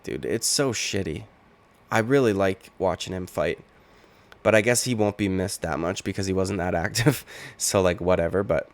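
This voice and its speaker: A man in his late twenties giving casual, rambling, profane reaction commentary on fighting news. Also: fairly low pitch. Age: late 20s. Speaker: MMA YouTuber.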